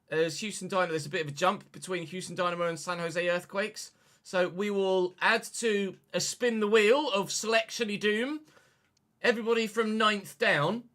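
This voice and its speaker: A man's voice: sits high, bright, forceful tone. A man chatting casually on a live stream, muttering asides to himself and to chat.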